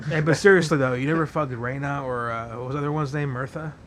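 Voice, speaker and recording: A man's voice: mid-range voice, steady tone, fast talker, slight background noise. A young man hosting a podcast, telling crude, profane stories in casual chat. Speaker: podcast host.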